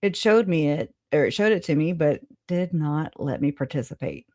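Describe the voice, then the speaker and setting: A woman's voice: sits low, expressive, moderate pace, a little mellow, no echo, studio quality. Chatty woman streaming live. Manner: chatty and loose, laughing often, casual swearing. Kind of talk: casual live-stream chat with viewers. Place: home.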